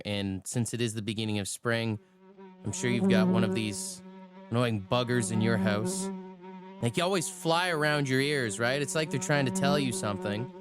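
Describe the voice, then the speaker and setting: Laid-back joking male radio host. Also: medium pitch. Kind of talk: casual morning radio chat.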